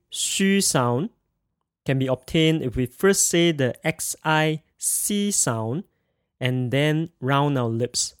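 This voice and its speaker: A man's voice: on the high side, clean studio sound. A man teaching a pinyin pronunciation lesson, speaking carefully and repeating sounds for students to echo. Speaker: language teacher.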